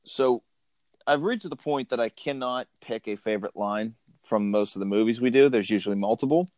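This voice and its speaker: A man's voice: medium pitch, normal speed, darkish tone, dry recording. A man co-hosting a casual movie podcast who laughs often and acts out quotes. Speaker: podcast co-host. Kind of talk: casual chat about a movie.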